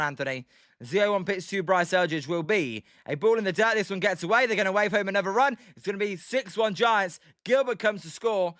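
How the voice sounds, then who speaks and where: Excitable British man calling baseball live. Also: high-pitched, no echo, clean studio sound. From Britain. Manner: excitable, jokey, reads out and answers chat viewers. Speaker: livestream baseball commentator. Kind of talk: live play-by-play commentary with chat reading.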